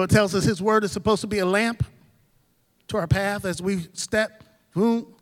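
A middle-aged man, a pastor, preaching a sermon in a church, his delivery rising and falling between loud bursts and soft asides. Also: sits high, in a large hall. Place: church sanctuary.

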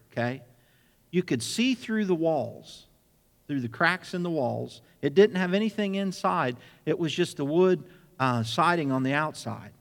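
A man preaching a sermon, telling a personal story with lively acted-out dialogue. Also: on the high side, in a large hall. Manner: animated storyteller acting out dialogue. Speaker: pastor.

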